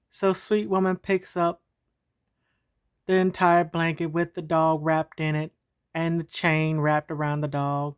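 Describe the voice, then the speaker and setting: A woman's voice: low voice, fairly even intonation, takes it slowly, clear, resonant tone. A woman telling a homemade story in a casual, meandering way. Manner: casual, meandering, with fillers and restarts.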